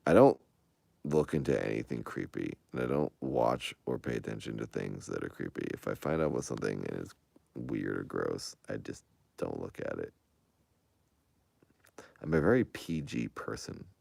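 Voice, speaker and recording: A man with an extremely low voice and a gravelly rasp talks casually to his online viewers. He answers their comments one by one, rambling defensively and often restarting his sentences. The recording is dry and close, with no room sound. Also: expressive, moderate pace, a little mellow, no room sound. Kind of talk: casual chat to an online audience.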